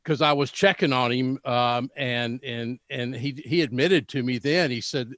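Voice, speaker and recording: A man's voice: medium pitch, a little slow, hardly any pauses, fairly bright tone, dry recording. Male host, mid voice, dry close audio, rambling chatty delivery. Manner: rambling with fillers and restarts. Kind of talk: casual podcast chat.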